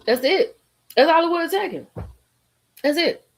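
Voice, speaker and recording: A woman hosting a live stream, ranting in a sassy, profane, animated way with frequent laughter, a little tipsy from drinking. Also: very high-pitched, normal speed. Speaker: livestream host. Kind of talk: casual live-stream commentary.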